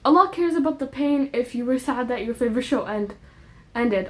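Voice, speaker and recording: A young woman with a high voice speaks straight to her viewers in an impassioned faith monologue. She leans hard on repetition, pushing the same point louder and higher. She slips easily into casual slang asides between the heavier moments. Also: animated, brisk. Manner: earnest, repeats herself with rising emphasis. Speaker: faith vlogger. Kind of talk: emotional religious monologue.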